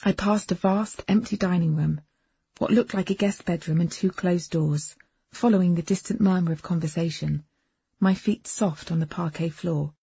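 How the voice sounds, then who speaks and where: Very husky woman narrating. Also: fairly low pitch, moderate pace, no echo, dull audio. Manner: expressive, lively first-person storytelling. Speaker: audiobook narrator. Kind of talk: first-person audiobook narration.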